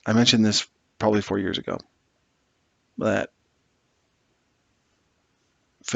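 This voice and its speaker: Gravelly sarcastic man rambling. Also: on the low side, level tone, takes it slowly, pauses often, a bit bright, no echo. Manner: rambling, sarcastic, exasperated, swears. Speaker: tabletop wargame YouTuber. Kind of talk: casual commentary while building an army list.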